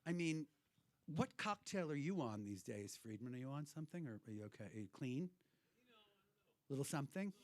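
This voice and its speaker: A man hosts a cabaret show in a hotel cabaret room, rambling through irreverent stage banter with the audience and swearing freely. His mid-range voice swings widely in pitch at a normal speed.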